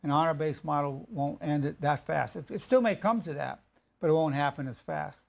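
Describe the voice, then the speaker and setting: Man, gravelly voice, slightly high, casual advice talk, acts out quotes. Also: fairly quick. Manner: conversational, acts out quoted couples, frequent restarts.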